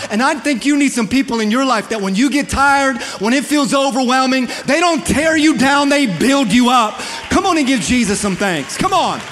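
High-voiced preaching pastor in a hall. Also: male voice, lively intonation, moderate pace, hardly any pauses, fairly bright tone, slight background noise. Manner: impassioned preaching with call-and-response. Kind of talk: sermon.

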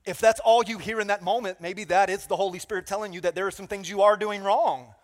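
High-voiced preacher in an echoing sanctuary. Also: male voice, fast talker. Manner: energetic, call-and-response, playful asides. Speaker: pastor. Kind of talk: sermon.

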